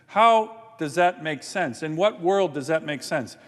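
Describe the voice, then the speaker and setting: A man giving an indignant, forceful floor speech as a senator, often repeating his points. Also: fairly high pitch, animated, measured pace, long reverb tail. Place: large legislative chamber.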